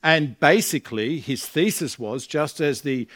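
A man's voice: a little high, a little slow, a bit bright. Conversational Australian-born male preacher. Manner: conversational, with rhetorical questions to the congregation. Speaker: visiting preacher. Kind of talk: sermon. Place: church congregation.

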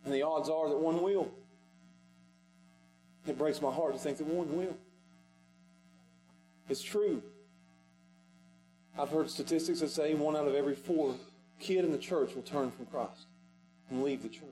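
A male pastor preaching a sermon in a church sanctuary, repeating his pleas with passion and swinging from loud pleading to hushed. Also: on the high side, unhurried, pauses often, faint music behind, low-quality recording.

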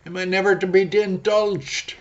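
A preacher playing the flesh, a weary complainer whining in a raised voice. The delivery is slow and plaintive. The audio is dull and lo-fi. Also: male voice, high voice, level tone, pitched above the performer's own voice, natural voice.

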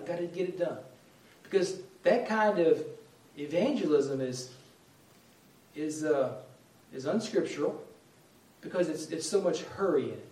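A man's voice: fairly high pitch, darkish tone. A middle-aged man preaching a sermon, earnest and conversational, repeating key phrases for emphasis. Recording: echoey room, voice from far off.

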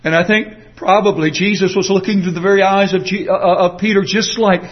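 A man preaching a sermon, explaining a passage earnestly and slowing down to stress his points. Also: sits high, fairly even intonation, muffled recording. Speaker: pastor.

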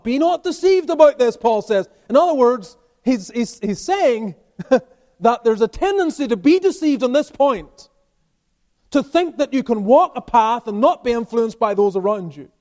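Male pastor, high voice, emphatic expository preaching in church. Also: animated, moderate pace, mellow. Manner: emphatic preaching with rising and falling intensity. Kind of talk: expository sermon.

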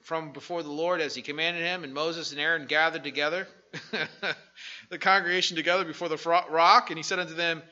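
Animated preaching pastor, high bright voice. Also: male voice, a little fast, dull audio. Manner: animated preaching, swings from soft asides to shouting. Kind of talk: sermon.

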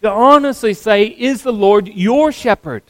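A man preaching a sermon, earnest and emphatic, slowing down to stress key words. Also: sits high, a bit bright, dry recording.

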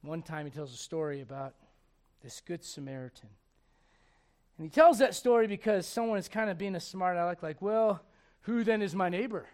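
High-voiced preacher swinging quiet to loud. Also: male voice, brisk. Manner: humorous, acts out quoted voices. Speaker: pastor. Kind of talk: sermon.

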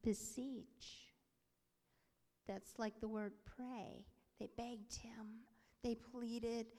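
A woman with a slightly high, dark-toned voice speaks in a level tone and draws out her words. She voices a preacher's sermon and testimony, bringing the story to life by acting out quoted voices and now and then whispering. The sound carries a long hall reverb.

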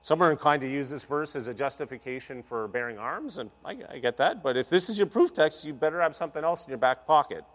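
Energetic preacher in an echoing hall. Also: male voice, fairly high pitch, fast talker, few pauses. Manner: energetic, playful, varies loudness a lot. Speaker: pastor. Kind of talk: sermon. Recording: long hall reverb.

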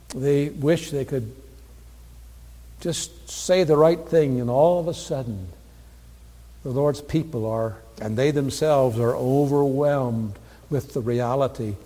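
Male preacher, mid-pitched, earnest sermon delivery with swings from quiet to loud, echoing sanctuary sound. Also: slow pace, pauses often. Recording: long hall reverb.

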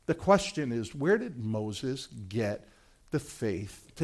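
A man's voice: mid-range voice, very animated, slow, a little mellow. A man preaching a sermon as pastor, retelling scripture in a dramatic way and acting out the voices of its people. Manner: dramatic, acts out biblical voices.

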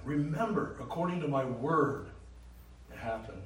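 A man preaching a sermon, emphatic, rising to loud declarations and dropping low again. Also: animated, measured pace. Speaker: pastor. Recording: roomy, from a distance, faint hiss.

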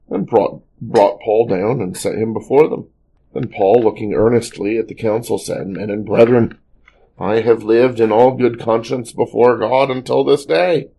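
Guy doing family worship devotional, super gravelly, dark mellow voice, reads then chats with lots of uhs. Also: lowish voice, rough recording. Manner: reads scripture with rising emphasis, then talks loosely with many fillers. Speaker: pastor.

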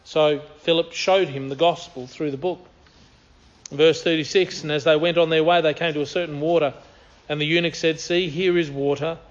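Man, preacher, earnest, emphatic, repeats phrases, higher voice, lo-fi. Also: fairly even intonation, moderate pace. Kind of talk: sermon with scripture reading.

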